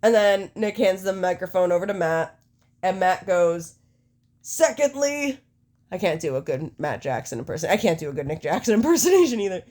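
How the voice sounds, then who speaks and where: A young adult woman co-hosting a podcast, recapping a show in casual chat with profane, animated storytelling. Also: lowish voice, brisk. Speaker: podcast co-host.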